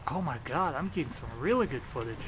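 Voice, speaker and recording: A man filming a storm from under a shelter, giving excited, profane running commentary and taunting the lightning. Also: a little high, fast talker. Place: outdoors under a shelter in a rainstorm. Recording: rain noise on a handheld camera. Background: rain.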